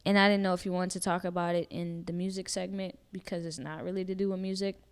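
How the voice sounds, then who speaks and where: A woman's voice: on the low side, level tone, fast, clean tone. A woman co-hosting a podcast in casual chat, laughing often and talking in slang. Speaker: podcast co-host.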